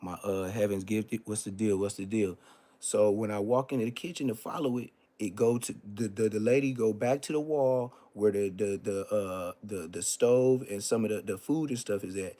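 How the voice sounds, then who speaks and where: A man's voice: on the low side, normal speed, warm tone. A man telling a story on a casual live stream, profane and emphatic, repeating street oaths.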